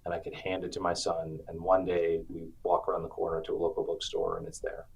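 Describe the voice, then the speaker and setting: A middle-aged man, an author being interviewed, telling personal stories with animated acted-out quotes. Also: low-pitched, brisk, vocal fry, breathy edge, low-quality recording. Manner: animated storyteller, acts out quotes. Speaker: author and guest. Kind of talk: storytelling interview chat.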